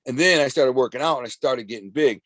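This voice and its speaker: A man of around fifty from Detroit, telling rough street stories as a podcast guest in a streetwise, profane, rambling way. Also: mid-range voice, quick pace, a bit bright, no echo. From Detroit, USA. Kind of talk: casual storytelling interview.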